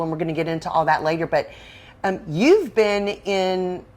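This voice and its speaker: A woman hosting a talk show, chatty and quick to laugh while she interviews a guest. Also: fairly low pitch. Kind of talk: casual interview.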